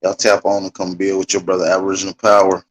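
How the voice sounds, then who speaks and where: A man's voice: low-pitched, monotone, quick pace. A man hosting a casual livestream, talking loosely and repetitively as he calls out to his viewers and keeps adding "man.". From United States. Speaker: livestream host.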